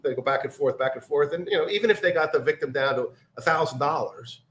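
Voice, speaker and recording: Man, casual storyteller, halting delivery with fillers; echoey room. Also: a little high, crowd noise. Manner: halting, many fillers and restarts, acts out quoted voices.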